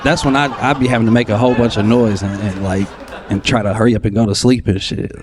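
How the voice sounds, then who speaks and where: A man doing a profane, animated stand-up set in a live comedy club, acting out voices in his stories. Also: fairly low pitch, fast. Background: audience laughter.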